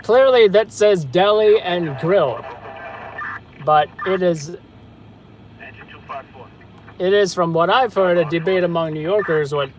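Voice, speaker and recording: A man's voice: high-pitched, slow, pauses often. A man hosting a live news stream, chatting casually in a rambling, hesitant way with lots of fillers.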